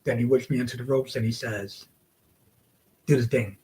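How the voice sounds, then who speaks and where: A man's voice: mid-range voice, fairly even intonation, moderate pace, warm tone. A man who wrestles, telling a story to a podcast host in a casual, profane way. He acts out the quotes and sometimes drops to a whisper.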